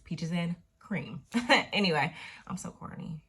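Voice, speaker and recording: Woman, lowish voice, casual chatty recap, slangy and profane, animated storytelling. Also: measured pace, breathy edge. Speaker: TV recap vlogger.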